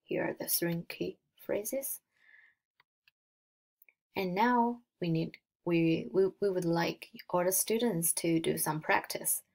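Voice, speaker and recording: A young woman with a Mandarin Chinese accent teaching a beginner Mandarin lesson in English. She explains slowly, step by step, and models the tones aloud. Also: on the low side, vocal fry, darkish tone. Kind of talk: recorded slideshow lesson.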